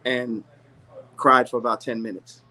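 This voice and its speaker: A man's voice: medium pitch, flat delivery, a little slow, pushed and bright, low-quality recording. A man being interviewed, speaking earnestly and telling a personal story. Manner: earnest storytelling, acts out quoted voices. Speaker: rapper's manager, interview guest. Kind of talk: candid interview conversation.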